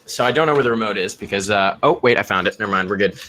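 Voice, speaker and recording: A deep-voiced man co-hosting a gaming podcast from home over a desk mic. He talks in a loose, rambling way, trailing off and circling back to his point. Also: rapid-fire, bright, forceful tone, a little hiss or hum. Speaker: podcast co-host. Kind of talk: casual podcast chat.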